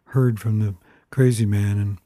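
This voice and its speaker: A man's voice: lowish voice, fairly even intonation, a little slow, dark tone, dry recording, clean studio sound. A man telling a story aloud in an informal, rambling way. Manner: informal, rambling with fillers and restarts. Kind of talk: spoken storytelling.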